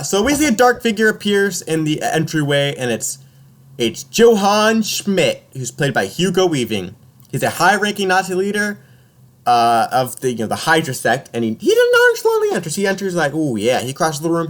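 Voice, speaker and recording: Animated young man recapping a film. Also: on the high side. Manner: animated, jokey, slips into silly voices for characters. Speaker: podcast host recapping a film. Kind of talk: casual podcast recap.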